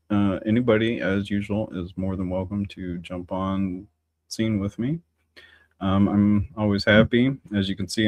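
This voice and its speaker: A man's voice: lowish voice, a little mellow, no echo. A man hosting a casual solo livestream, rambling and musing in a philosophical way, with chatty asides to his viewers. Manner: many fillers and restarts, chatty asides to viewers. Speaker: livestream host.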